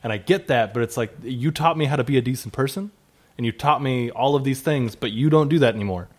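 A man's voice: mid-range voice, fast talker. A man chatting casually about comics, passionate and profane, acting out his exasperated reactions.

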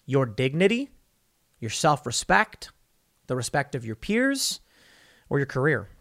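A man's voice: mid-range voice, very animated, unhurried, gravelly, a bit bright. A man giving opinionated political commentary, emphatic, firing rhetorical questions and mocking the people he quotes.

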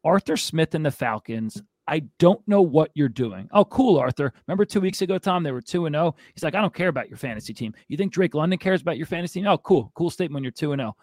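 A man on a sports podcast launches into an exasperated, fired-up rant. His voice sits a bit high for a man. The sound is dry and close, with no room around it. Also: animated, quick pace, few pauses, darkish tone, no room sound. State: out of breath. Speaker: podcast co-host. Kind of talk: ranting sports commentary.

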